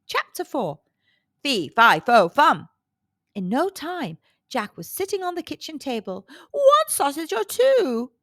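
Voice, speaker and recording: A woman reads a children's storybook aloud, slow and expressive. Her voice is fairly high and moves a lot in pitch. The recording is close and dry. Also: dry recording.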